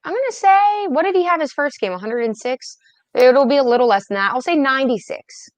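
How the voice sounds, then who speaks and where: A woman co-hosting a casual sports chat, relaxed and agreeable, laughing easily. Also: high voice, brisk, no room sound. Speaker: podcast co-host.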